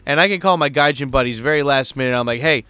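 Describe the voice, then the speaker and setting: A man's voice: mid-range voice, fast, sharp tone, smooth, no echo. A man living abroad, telling a story in a casual vlog rant, rambling and swearing freely. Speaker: vlogger living in Japan.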